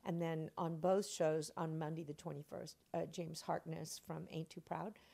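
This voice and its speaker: Her voice sits low with some vocal fry, and she keeps a moderate pace as this older stage actress shares animated stories during an interview. She laughs a lot, stays very expressive, and plays out each quote.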